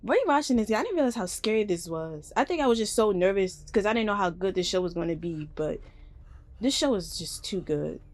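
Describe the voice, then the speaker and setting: A woman's voice: medium pitch, expressive, brisk, a little hiss or hum. A woman hosting a reaction video, talking in an emotional, slangy way. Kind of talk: casual reaction commentary.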